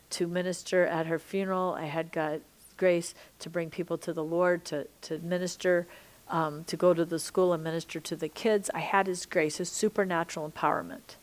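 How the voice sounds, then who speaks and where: A middle-aged woman teaching a sermon-style podcast, impassioned, dropping to hushed whispers and rising to loud emphasis. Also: on the low side. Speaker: Christian teacher and minister.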